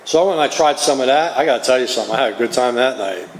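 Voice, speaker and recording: A man's voice: mid-range voice, lively intonation, rapid-fire, a little hiss or hum. A middle-aged man with a New Jersey accent, telling his own story to a recovery group in an earnest, confessional way. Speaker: recovery meeting speaker. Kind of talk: personal testimony. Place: meeting hall. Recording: roomy hall, faint ambience.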